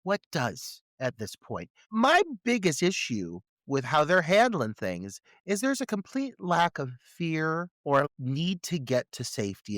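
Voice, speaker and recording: A man's voice: medium pitch, fairly bright tone, no room sound, studio quality. A man co-hosting a casual film-review podcast, ranting with profanity and rhetorical questions about what annoys him. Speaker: podcast co-host.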